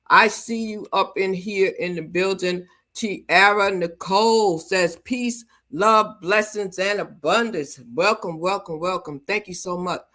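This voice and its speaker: A woman's voice: on the low side, fairly bright tone. A woman hosting a livestream talk show, energetically greeting viewers and hyping the audience. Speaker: host.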